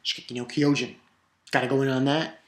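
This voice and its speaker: A woman casually reviewing a manga chapter on video, excitable and profane, rambling with restarts. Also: a bass voice, fairly quick.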